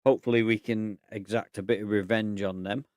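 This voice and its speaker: A man talks through his football management game in a relaxed, thinking-aloud way. His voice sits on the low side. The sound is dry and close, with no room echo. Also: fairly quick. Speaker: gaming YouTuber. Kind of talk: casual game commentary.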